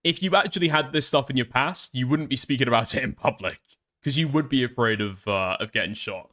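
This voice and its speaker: Brief: male commentator, mid pitch, sardonic and crude. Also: brisk, fairly bright tone. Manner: mocking, profane, laughing. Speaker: commentary host. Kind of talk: reaction commentary.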